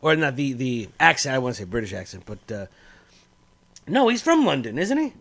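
A man co-hosting a radio show, telling stories in casual banter with halting restarts. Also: medium pitch, sing-song, creaky, a bit bright. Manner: chatty storyteller with halting restarts. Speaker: radio co-host.

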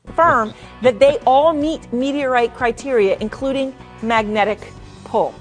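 A woman's voice: fairly high pitch, unhurried, soft background music. A woman co-hosting a radio show, telling a news story in a chatty, offhand way. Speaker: radio co-host reading news stories. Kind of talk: reading a news story casually.

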